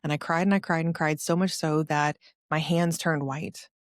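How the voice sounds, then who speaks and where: Woman around forty, podcast host, earnest confessional testimony; low voice, dry close sound. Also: level tone, moderate pace, dry recording. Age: about 40. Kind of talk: personal testimony storytelling.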